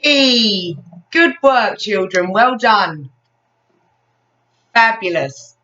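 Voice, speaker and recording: A woman's voice: mid-range voice, expressive, slow, fairly bright tone, recorded from a distance. A woman with an English accent teaching a phonics lesson to young children, praising often in a sing-song way. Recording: dull sound from off mic.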